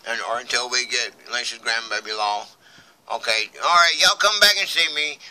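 Man, middle-aged, drawling vlogger; piercing bright tone, rambles and accuses. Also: mid-range voice, normal speed, rough recording. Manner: mutters quietly while reading paperwork. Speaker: video blogger. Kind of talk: rambling monologue to camera.

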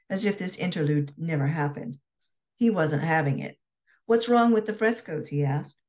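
Woman author, low pitch, steady measured narration, romance novel reading.

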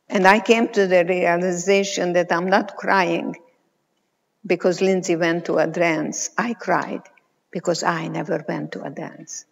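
Slow, deliberate older woman in a hall. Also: fairly low pitch. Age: 80s. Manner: slow, emphatic storytelling with pauses. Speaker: keynote speaker, psychologist. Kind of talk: motivational conference talk. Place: large conference hall. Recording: reverberant hall, muffled sound.

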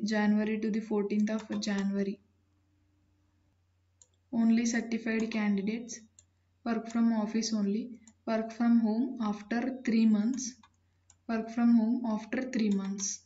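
A woman, hosting a channel and reading out job listings in a plain, businesslike way with frequent pauses. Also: fairly high pitch, mellow, highs cut off.

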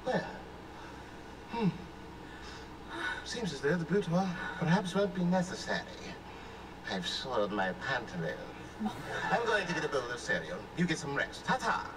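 An actor playing a boastful, bawdy medieval English lord in a comedy sketch, using a put-on British accent. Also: male voice, a little high, big pitch swings, moderate pace, long pauses, distant mic, noisy background. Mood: sheepish.

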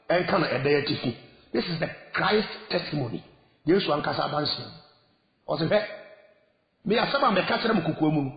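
A Ghanaian evangelist preaches with a high, very lively voice that leaps from hushed murmurs to shouts. The sound is muffled and lo-fi, with a long reverb from a big hall. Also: male voice. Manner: switches between low murmurs and high shouted outbursts. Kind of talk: sermon.

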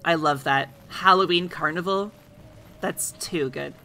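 A woman streamer chatting casually and excitably while playing a game, talking to the characters on screen. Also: deep voice, measured pace, a little hiss or hum, rough recording. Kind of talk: casual playthrough commentary.

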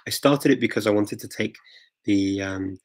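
A man's voice: fairly low pitch, normal speed. A man hosting a live online Q&A, chatting casually and rambling with many fillers and restarts. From England. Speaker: host answering viewer questions. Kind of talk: live Q&A chat.

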